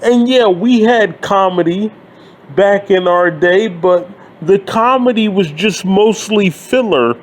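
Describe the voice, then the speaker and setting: A man's voice: sits high, slow. A man in his thirties ranting bluntly and sarcastically, swearing freely as he gives his opinions. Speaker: wrestling commentary YouTuber. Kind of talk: profane ranting monologue.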